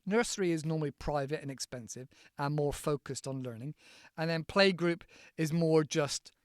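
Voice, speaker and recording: A man from the United Kingdom, teaching in a chatty, playful podcast lesson and slowly spelling words out letter by letter. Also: on the high side, no echo, studio quality.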